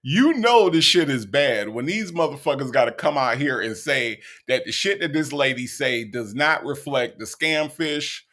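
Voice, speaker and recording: A man's voice: mid-range voice, lively intonation, normal speed, hardly any pauses, a bit bright. A man hosting a reaction commentary, emphatic and profane, often repeating "okay? all right?". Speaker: commentary host.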